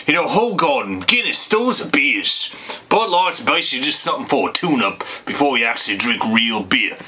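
A man rants to the camera in a comic drunken tirade, rambling, swearing and circling back on himself. His voice is husky yet very bright and cutting. He slurs and gets emotional, and he keeps calling his listeners folks. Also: mid-range voice. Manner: rambling, profane, repeats "folks" and "you bastards". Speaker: comedy vlogger.

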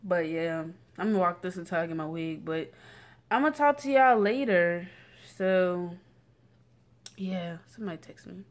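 A woman's voice: fairly low pitch, animated, moderate pace. A teenage girl talks straight into her phone camera in a loose, rambling rant. Her talk is full of slang, restarts and fillers, sitting at home late at night. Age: late teens. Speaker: vlogger.

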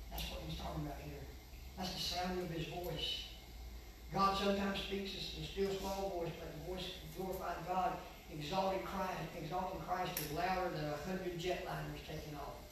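Older male pastor, folksy sermon, distant mic in a reverberant sanctuary with faint noise. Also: high voice. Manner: folksy preaching, swings from soft to loud. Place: church sanctuary. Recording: echoey church from far off.

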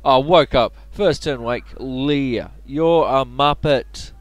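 A man's voice: mid-range voice, takes it slowly, no echo, soft background music. Chatty man commenting on a game. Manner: chatty, joking, mutters to himself. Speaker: let's play host. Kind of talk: casual gaming commentary.

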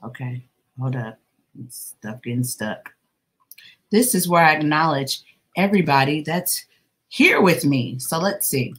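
A woman crochets while hosting a casual craft livestream, greeting viewers one by one by name with playful, laughing teasing. Her low, a bit bright voice has lively intonation and a measured pace with long pauses.

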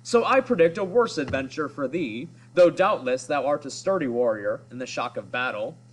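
A man's voice: mid-range voice, animated, normal speed, slight background noise, close to an everyday voice, low-quality recording. A man voicing a jealous, snobby male warrior who mocks a hero, reading aloud from a story. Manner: snobby, mocking.

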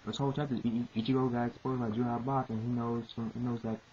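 A woman with a low, dark voice rants through exasperated commentary, swearing and circling back to the same complaints again and again. The recording is muffled and lo-fi, with a steady hiss underneath. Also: fast. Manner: profane, repetitive, exasperated ranting. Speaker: manga reviewer. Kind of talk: ranting commentary.

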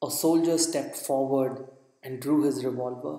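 A man reading dramatic narration at a measured pace, with occasional slips and restarts. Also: mid-range voice, fairly even intonation, mellow. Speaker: audiobook narrator. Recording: echoey reverberant room.

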